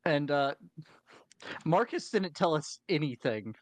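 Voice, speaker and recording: A man's voice: on the high side, sing-song, slow, dry recording. A man casually describing his character's actions as a player in a tabletop game.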